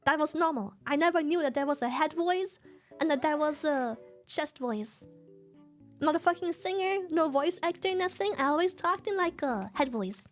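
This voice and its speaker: Young woman, streamer, high pitch, sick and a bit hoarse, candid, swears, faint background music. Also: expressive, moderate pace. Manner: candid, swears freely, explains with vocal demos. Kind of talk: casual stream chat.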